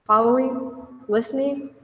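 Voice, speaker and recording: A woman telling her personal recovery story to a meeting, candid and animated, acting out dialogue with a raised voice. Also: sits high, measured pace. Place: meeting room. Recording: echoey hall from far off.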